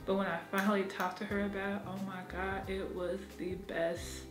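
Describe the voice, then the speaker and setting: A woman's voice: medium pitch, level tone, moderate pace, echoey room, music in the background. A woman talking frankly and emotionally in a candid personal vlog, swearing freely and laughing often. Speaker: vlogger.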